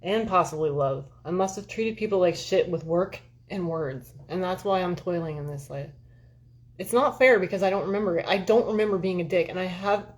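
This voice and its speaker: A woman with a fairly low-pitched voice talks casually to her live-stream viewers. She rambles from thought to thought and swears freely, candid and unfiltered as she calls out to people in the chat. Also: a little fast. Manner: rambling, candid and profane, talking straight to viewers. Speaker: livestream host chatting with viewers.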